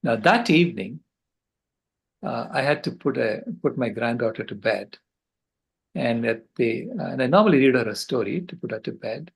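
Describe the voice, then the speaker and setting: An older man on a video call, giving a passionate, earnest storytelling talk with halting restarts. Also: medium pitch, expressive, creaky, husky, low-quality recording. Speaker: conference speaker.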